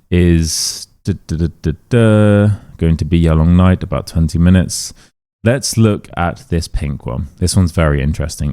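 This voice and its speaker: A man with a British accent teaching pronunciation, repeating phrases slowly for learners to copy. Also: deep voice, mellow. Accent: British English. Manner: slow repeated modelling of phrases. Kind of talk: pronunciation lesson.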